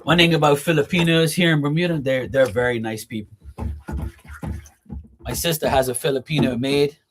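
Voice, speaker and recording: A man's voice: fairly high pitch, fairly even intonation, normal speed, slight background noise. Man rambling casually over dishes. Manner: rambling, loose, slangy. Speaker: vlogger. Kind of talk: casual storytelling while washing dishes. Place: at home, doing dishes.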